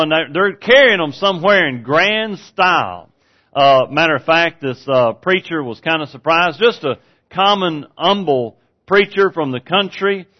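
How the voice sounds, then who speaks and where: Male pastor with a high voice, mid-sermon, swings from easygoing storytelling to fired-up bursts, muffled lo-fi sound. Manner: builds from easy storytelling to loud, excited high peaks.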